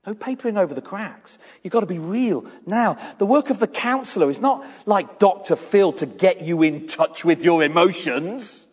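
A man's voice: high voice, normal speed, few pauses, breathy edge. Preacher man in a reverberant church. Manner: animated storytelling, acting out little dialogues. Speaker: pastor. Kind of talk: sermon.

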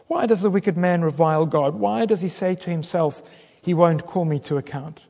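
A man preaching in a hall with a long, ringing reverb. His voice sits a little high for a man, and his delivery turns dramatic, swelling into fervent cries as he quotes pleading prayers. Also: normal speed, creaky, darkish tone. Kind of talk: sermon.

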